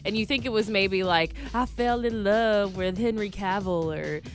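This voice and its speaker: A woman's voice: medium pitch, normal speed, soft background music. Teasing female radio co-host. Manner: dry, teasing. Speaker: radio morning show co-host. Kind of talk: casual radio banter. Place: radio studio.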